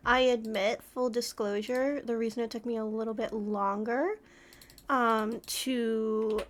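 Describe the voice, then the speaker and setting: A woman streamer chatting casually with her live audience, flustered and giggling often. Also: fairly high pitch. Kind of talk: casual livestream chat.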